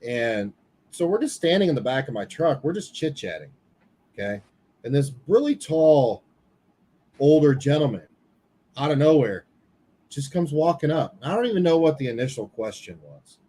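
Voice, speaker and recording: A man's voice: a little high, expressive, moderate pace, warm tone, rough recording. A man co-hosting a paranormal podcast, telling a story in casual chat and quoting people as he goes, swearing now and then. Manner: candid, swears casually, retells dialogue.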